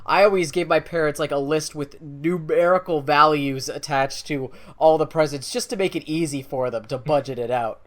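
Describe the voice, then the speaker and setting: A man co-hosting a podcast in casual chat, relaxed and wry, explaining at length. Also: fairly high pitch, normal speed, hardly any pauses. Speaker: podcast co-host.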